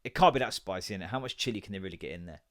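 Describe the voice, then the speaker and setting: A man's voice: deep voice, animated, rapid-fire, a bit bright. A man in his thirties with an English accent, chatting on his own podcast, rambling through stories, swearing freely and putting on voices for the people he quotes. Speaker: podcast host. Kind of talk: casual solo chat.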